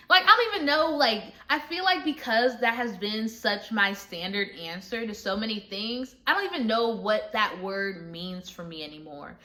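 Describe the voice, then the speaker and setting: A woman's voice: medium pitch, lively intonation, moderate pace, hardly any pauses, bright, forceful tone. A young adult woman talking to viewers in a candid personal vlog, earnest and confessional, often laughing. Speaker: vlogger.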